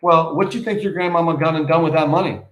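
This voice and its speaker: A man's voice: fairly high pitch, fairly even intonation, fast, pitched above the performer's own voice, natural voice. A man reading a proud old grandmother. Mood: tender. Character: aging mother and grandmother, firm and proud.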